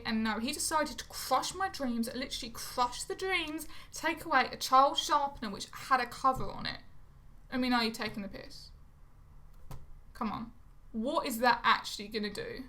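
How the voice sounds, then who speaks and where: A woman's voice: sits high, sharp tone. A young woman chatting to camera in a rambling, self-mocking way, swearing casually. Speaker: vlogger. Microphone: phone or camera close to her face.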